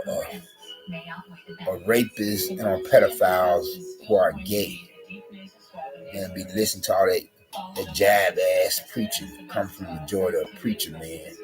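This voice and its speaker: A man with a low voice rants to camera in a loose, rambling way. He circles back on himself with constant fillers and profanity. Faint music plays behind him. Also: rough recording. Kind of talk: casual rant to camera.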